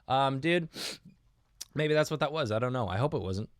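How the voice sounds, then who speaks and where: A man's voice: mid-range voice, animated, moderate pace, clear, resonant tone, dry recording, studio quality. A young man hosting his own podcast, rambling and joking at his own expense, calling listeners dude and man. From United States. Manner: rambling, self-mocking, says dude and man a lot. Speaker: podcast host. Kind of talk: casual solo podcast talk.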